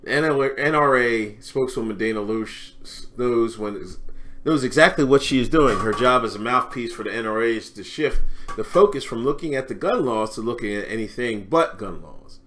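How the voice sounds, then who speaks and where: A man giving casual reaction commentary on a vlog, animated and slangy, laughing often as he talks. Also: mid-range voice, normal speed. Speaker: commentary vlogger.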